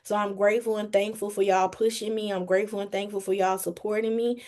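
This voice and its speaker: A woman's voice: medium pitch, little pitch movement, fast, a little mellow. A woman giving an earnest, emphatic testimony on a group call, talking straight to her listeners. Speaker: team member giving a testimony. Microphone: phone or video call.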